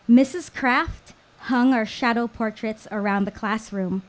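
A woman in her thirties telling a personal story live on stage at a small venue, slow and deliberate with dramatic pauses. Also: on the high side, darkish tone. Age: 30s.

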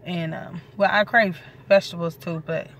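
A woman's voice: fairly low pitch, steady tone, normal speed, a little hiss or hum. Chatty pregnant woman vlogging, loose and profane. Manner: loose, chatty, swears freely. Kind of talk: casual chat to camera.

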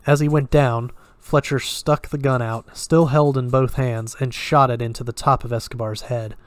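A man reading a dark thriller story aloud in a steady, even storytelling manner. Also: medium pitch, moderate pace, no room sound. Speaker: story reader. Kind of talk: audiobook-style story reading.

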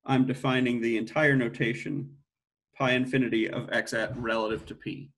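A man's voice: mid-range voice, little pitch movement, moderate pace, fairly bright tone. A middle-aged man giving an academic mathematics lecture, thinking aloud with frequent restarts and self-corrections.

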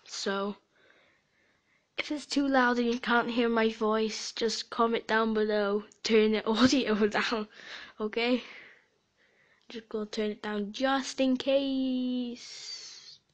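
A woman's voice: fairly high pitch, steady tone, slow pace, pauses often. A young woman giving casual, giggly commentary while playing an online game, often dropping into whispered asides. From Sweden and Britain. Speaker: gaming video creator.

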